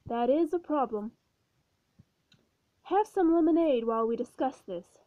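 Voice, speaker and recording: A woman voicing a calm, cheerful male panther who stays polite and unbothered. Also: sits high, unhurried, no room sound. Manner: unflappable and polite. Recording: dull, dry recording.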